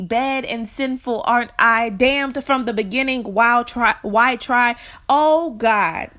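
A woman performing a spoken word poem like a prayer, impassioned, moving between hushed lines and crying out. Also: a little high.

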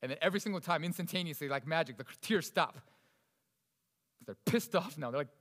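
A male pastor delivering a sermon, swinging between loud emphasis and hushed, soft passages. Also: mid-range voice, lively intonation, fairly quick, long pauses, big-room sound.

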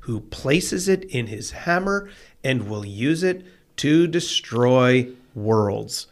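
A man co-hosting a relaxed film podcast, speaking at an ordinary middle pitch. He tells stories with lots of energy, building up each scene, and sometimes slips into reading scripture aloud. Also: slow pace. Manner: animated storyteller, retells scenes and reads scripture aloud. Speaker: podcast co-host. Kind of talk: casual film discussion podcast.

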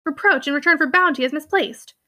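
A woman's voice: high voice, brisk, sharp tone. A woman reading the part of a spirited young heiress who answers with cutting, emphatic scorn.

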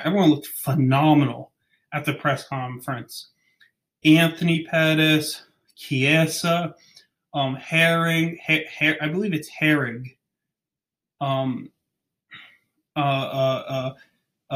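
A young man with a slightly high voice rants casually on his podcast. He rambles, restarts sentences and stumbles over names as he goes. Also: a bit bright. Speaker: podcast host. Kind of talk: casual chat.

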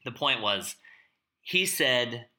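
A man's voice: medium pitch, expressive, takes it slowly, bright, forceful tone. A man hosting a podcast, speaking in a reflective, conversational way with plenty of fillers. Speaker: podcast host. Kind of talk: casual podcast interview and outro.

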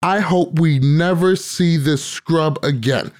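A man's voice: on the high side, takes it slowly, a little mellow. A man hosting a podcast, ranting emphatically and swearing freely in casual chat. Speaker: podcast host.

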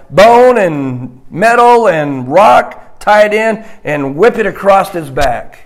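Male preacher, sermon, slow and emphatic, fairly high voice, hushed on key lines.

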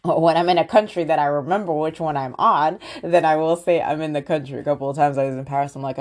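A woman hosting a talk, coaching listeners on personal branding in an animated, motivational way. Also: sits low, quick pace, few pauses. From London-based. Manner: animated, sing-song repeated greetings, coaching tone. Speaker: podcast host and branding coach. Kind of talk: motivational monologue.

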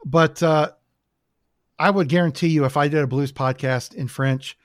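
A man from the United States chats casually as a podcast guest, telling rambling, enthusiastic stories packed with fillers. His voice is fairly high with fairly even intonation and a moderate pace, captured as clean studio sound with no echo.

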